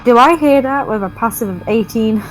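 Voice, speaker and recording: A woman's voice: fairly high pitch, brisk. A woman playing a tabletop game, talking eagerly and chattily with the group. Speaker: player. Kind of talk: tabletop role-play chat. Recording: music faint behind.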